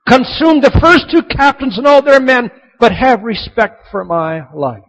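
A man preaching a sermon, telling stories and swinging between loud emphasis and soft, quiet drops. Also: high voice. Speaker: pastor. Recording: dull lo-fi recording.

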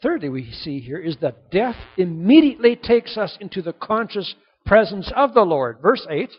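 A man preaching a sermon, asking rhetorical questions and swinging between loud emphasis and hushed, soft passages. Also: high voice, very animated, moderate pace, breathy edge, highs cut off. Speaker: pastor.

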